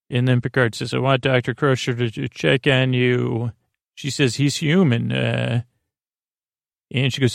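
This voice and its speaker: A man hosting a sleep podcast, slowly recapping a TV episode in a meandering, halting way with many fillers. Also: mid-range voice, vocal fry, dry recording, clean studio sound. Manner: meandering, halting, full of uh and restarts. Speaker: podcast host.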